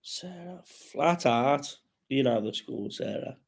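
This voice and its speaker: A man's voice: medium pitch, lively intonation, takes it slowly, vocal fry, breathy edge. A man with a West Midlands accent hosting a live stream, reading out comments with sweary, jokey banter.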